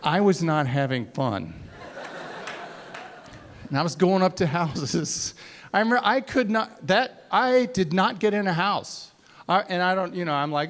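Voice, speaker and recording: A man's voice: on the high side, normal speed. A man telling a self-mocking personal story to a live audience on stage, acting out the dialogue. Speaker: speaker. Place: stage before a college audience.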